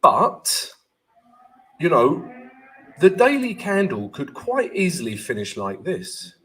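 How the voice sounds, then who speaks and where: A man's voice: on the high side, huge pitch swings, slow, fairly bright tone, slightly rough. A man hosting a live trading stream, teaching in a chatty way, keeps checking in with "right?" and greeting viewers by name.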